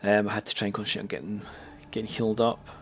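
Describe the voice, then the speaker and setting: A lower-pitched man talks loosely to his stream audience, his throat slightly raspy and his nose stuffed up. He wanders through his thoughts with lots of "um"s and false starts, in a relaxed, casual chat. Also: rapid-fire, slight background noise. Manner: rambling, many fillers and restarts.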